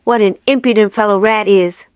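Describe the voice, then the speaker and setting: A woman's voice: medium pitch, fairly even intonation, a little fast, smooth, dry recording, close to an everyday voice. Clever, cheerful male fox, put on by a woman reader; lilting and eager, dry close sound.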